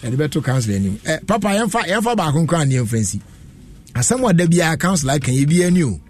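A man hosting a radio call-in show, giving callers measured advice. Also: a little high, very animated, darkish tone, slightly rough. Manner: advising, measured.

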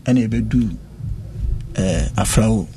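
A man recounting a personal ordeal in conversation, speaking slowly and earnestly. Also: lowish voice, warm tone, soft background music. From West Africa. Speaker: interviewee.

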